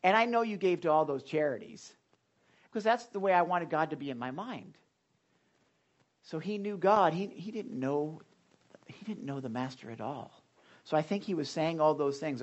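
Male pastor, lively conversational sermon, slightly higher voice. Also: normal speed, long pauses, highs cut off. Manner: animated, conversational preaching with asides and jokes. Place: hot church room.

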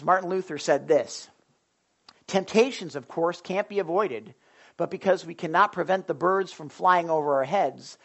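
A middle-aged man preaching a sermon in a lively, chatty way, slipping into quick acted asides. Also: on the high side. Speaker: pastor.

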